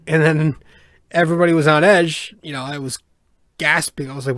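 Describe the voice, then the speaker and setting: A man's voice: a little high, fairly even intonation, brisk, a bit bright, dry recording. A young man hosting a casual solo sports podcast, rambling and cursing with lots of fillers and little chuckles. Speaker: podcast host.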